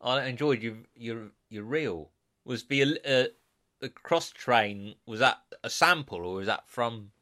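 A man's voice: medium pitch, a little slow, bright, forceful tone. A man hosting a podcast, chatting casually with his guests and laughing easily. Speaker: podcast host. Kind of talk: casual interview chat.

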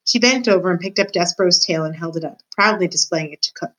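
A woman teacher reading a children's book aloud to her class, warm and expressive in her storytelling. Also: lowish voice, fast talker, low-quality recording.

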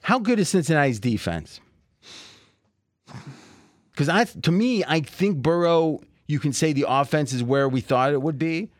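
A man's voice: on the high side, expressive, unhurried, pauses often, no echo, clean studio sound. A man hosting a sports betting talk show, chatting casually about football and laughing often. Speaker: sports betting podcast host.

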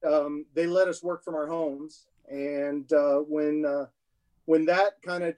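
A middle-aged man talking as a guest in a casual interview, relaxed and rambling with fillers. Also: on the high side, takes it slowly.

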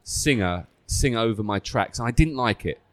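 A man's voice: medium pitch, expressive, moderate pace, dry recording. A man hosting a casual chat, joking and leading the questions. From Essex, England. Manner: chatty, joking, leads the questions. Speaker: podcast host.

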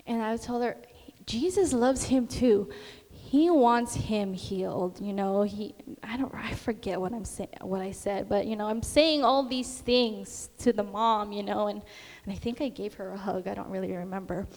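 With a mid-range, slightly mellow voice at a moderate pace, a young adult woman shares her personal faith story casually. Her talk is chatty and filler-heavy, with sung bits and acted-out quotes, all under long hall reverb.

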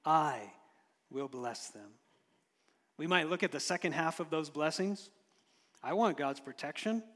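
Male pastor, slightly high voice, sermon delivery, big hall reverb. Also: animated, measured pace. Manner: storytelling, rises and drops in loudness, occasional chuckles.

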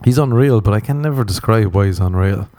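A man's voice: fairly low pitch, fairly quick, mellow, dry recording. A man talking in a casual comedic monologue, rambling and self-mocking, swearing constantly as he drifts between asides.

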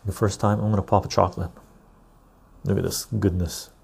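Gravelly, husky man chatting on stream. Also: deep voice, little pitch movement, brisk, a little mellow. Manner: loose and chatty, reads the chat aloud, says "right?" often. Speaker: live stream host. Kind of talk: casual live stream chat with viewers.

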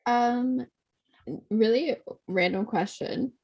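A young woman co-hosting a podcast, blunt and teasing in casual chat. Her voice is somewhat high. It is recorded dry and close. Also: slow pace, breathy edge, dry recording, lo-fi sound. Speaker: podcast co-host.

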